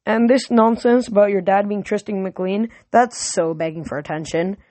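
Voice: mid-range voice, normal speed, darkish tone, no echo, natural voice. A reader voicing a snobbish teenage girl who leads her cabin, sneering and condescending.

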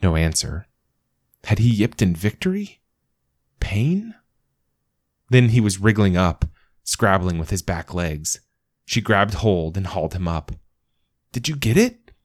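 A man narrating a storybook aloud in a measured storytelling manner. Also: sits low, animated, dry recording, studio quality. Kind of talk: scripted narration.

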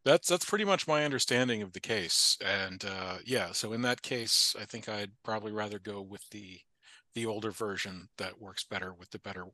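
Male guest, low tense voice, precise and dryly witty, recorded dry. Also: normal speed, pushed and bright, dry recording. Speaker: podcast guest. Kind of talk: casual chat.

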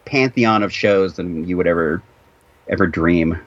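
A man's voice: low-pitched, a little slow, no room sound, lo-fi sound. A man hosting a podcast in casual chat, wry and teasing with playful asides. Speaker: podcast host.

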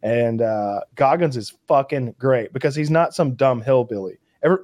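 A man talks in a loose, rambling way, stacking fillers and false starts as his enthusiasm builds. His pitch sits mid-range, and the sound is dry and close to the mic, with no room echo. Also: normal speed, darkish tone. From Kentucky. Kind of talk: casual chat.

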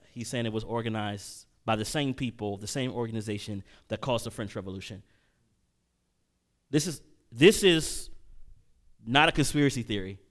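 A male preacher giving a sermon-style lecture, often restarting his phrases and building to loud, emphatic bursts. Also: mid-range voice. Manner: repeats and restarts while reading quotes aloud.

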